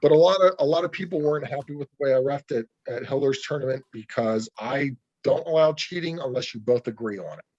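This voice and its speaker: Male arm wrestler guest, husky and profane, dull call-quality recording. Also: mid-range voice, fast talker, few pauses, a little mellow. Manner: blunt, profane, heated ranting. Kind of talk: casual interview over a call.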